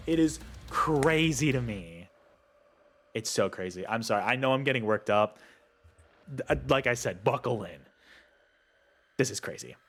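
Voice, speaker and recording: A young man ranting to camera as a gaming video creator, heated and profane, his pitch jumping up when he gets worked up. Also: fairly bright tone, a little hiss or hum. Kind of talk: angry rant to camera.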